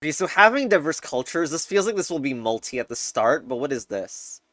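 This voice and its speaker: A man's voice: on the high side, sing-song, brisk, a bit bright, dry recording, clean studio sound. A young man casually commenting while solving crosswords, thinking aloud, muttering and laughing often. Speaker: puzzle game streamer.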